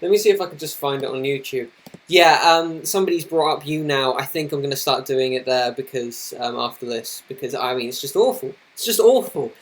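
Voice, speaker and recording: A man's voice: mid-range voice, steady tone, fairly quick, fairly bright tone. A young man live streaming at his computer, flustered and apologetic, rambling with many restarts. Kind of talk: casual live-stream chat. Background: noisy laptop fan.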